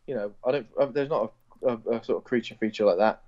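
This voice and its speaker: A man's voice: fairly low pitch, fast talker, a little mellow. A man co-hosting a podcast in casual chat, blunt and self-mocking, with mild swearing, recorded on a phone. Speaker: podcast co-host. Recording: dull phone-recorded sound.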